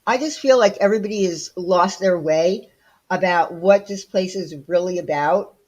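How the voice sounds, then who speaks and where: A woman's voice: fairly low pitch, normal speed, a little mellow, muffled recording. Blunt, indignant woman. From Long Island, New York. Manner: blunt and indignant, rhetorical questions. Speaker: livestream host. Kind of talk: casual livestream rant.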